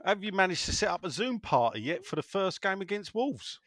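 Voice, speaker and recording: A man's voice: high voice, big pitch swings, fairly quick, fairly bright tone, no room sound, clean studio sound. A man co-hosting a casual podcast, joking and reading out listener messages. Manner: jokey, puts on mock regional voices in jokes. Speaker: podcast co-host.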